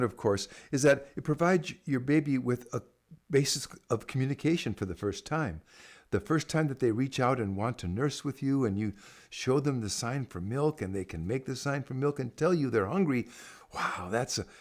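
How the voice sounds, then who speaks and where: A man, an educator on baby sign language, explaining to camera in an earnest, enthusiastic way. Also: mid-range voice.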